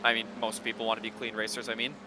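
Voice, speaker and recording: A man doing live sim racing commentary, excitable and getting loud in close battles. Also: on the low side, racing, music in the background. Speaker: race commentator.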